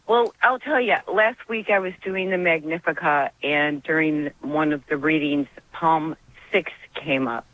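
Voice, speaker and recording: A woman's voice: low voice, unhurried. A woman calling in to a radio show, talking in an earnest, heartfelt and rambling way. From Arizona. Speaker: caller. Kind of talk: call-in radio chat. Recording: dull phone-line call.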